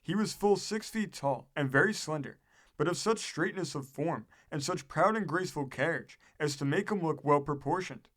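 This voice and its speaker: A man reads a historical book aloud as an audiobook narrator. His voice sits a bit high for a man, and his delivery is measured and steady.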